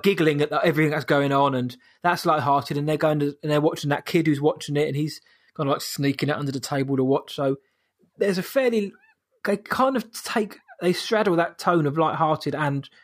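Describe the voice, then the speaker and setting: Guy, fairly high voice, casual podcast co-host who trips over his words. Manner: halting, many restarts and fillers. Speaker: film review podcast co-host. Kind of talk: casual chat.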